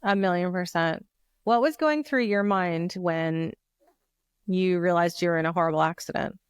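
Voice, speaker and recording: A woman podcast host in casual conversation, telling stories in a chatty, animated way. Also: on the low side, moderate pace, clear, resonant tone, dry recording, clean studio sound.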